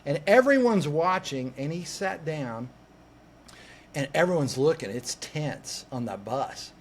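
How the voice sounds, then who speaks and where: Man, guest coach, animated storyteller, acts out quotes, slightly high voice. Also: unhurried, a little hiss or hum. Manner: lively, acts out quoted voices, restarts words. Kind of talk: animated personal storytelling in conversation.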